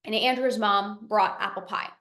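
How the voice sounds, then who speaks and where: A woman's voice: mid-range voice, fairly even intonation, moderate pace, a bit bright, echoey room. A young adult woman coaching in a masterclass, telling a story emphatically and acting out her own inner voice. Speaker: binge eating coach.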